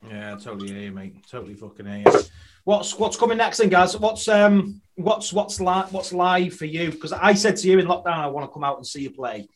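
A man's voice: high voice, animated, a little fast, slight background noise. Swearing chatty podcast host man. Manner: swearing, calls people mate. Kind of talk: casual interview chat.

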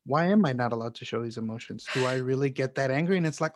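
A man's voice: mid-range voice, fast, no room sound. A young man in casual podcast chat, talking candidly and rambling with lots of fillers and swearing.

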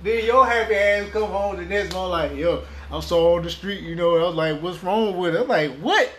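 Young NC man, high voice, animated storyteller, faint hiss behind. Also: fairly quick. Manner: animated, laughing often, acts out his own lines. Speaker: podcast co-host. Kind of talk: casual chat, storytelling.

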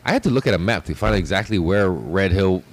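A man's voice: low voice, animated, quick pace. A man with a Hawaii local accent in casual chat, talking in an indignant, profane way.

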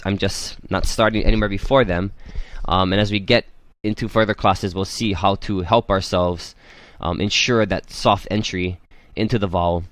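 A man's voice: fairly low pitch, dry recording. A man teaching a language class, patiently modelling vowel sounds and checking in with his students. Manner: slow, careful, models vowels aloud with frequent "right?" and "um".

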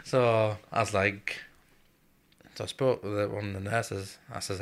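A man's voice: lowish voice, little pitch movement, a little slow, creaky. A man telling a story from his service days in a podcast chat, blunt and swearing freely, often laughing as he talks. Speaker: guest, former RAF serviceman.

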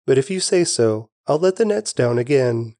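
A man's voice: mid-range voice, expressive, moderate pace, dark tone, dry recording, clean studio sound, lightly acted. A man reading aloud, voicing a tired, humble fisherman. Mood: weary. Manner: humble, weary. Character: weary humble male fisherman.

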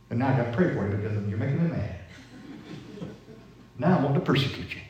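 A man's voice: medium pitch, expressive, fast talker, long pauses, a little mellow, roomy sound. A middle-aged man preaching a sermon in a conversational, folksy way, full of everyday stories.

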